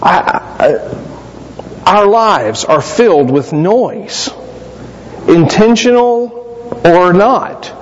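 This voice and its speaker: A man preaching a sermon in a church, his voice a little higher than most men's. He tells stories with sudden animated rises and keeps a steady preaching rhythm. The sound is dull and lo-fi, with a long reverb from the hall. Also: extremely slow, long pauses, slight background noise. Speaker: pastor.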